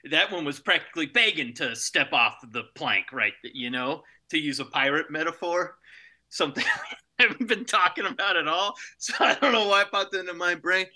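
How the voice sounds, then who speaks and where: A man's voice: on the high side, expressive, moderate pace, sharp tone. A man playing a tall, touchy former heavyweight wrestler in an improvised comedy scene, rambling with many hesitant fillers. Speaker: improv podcast host.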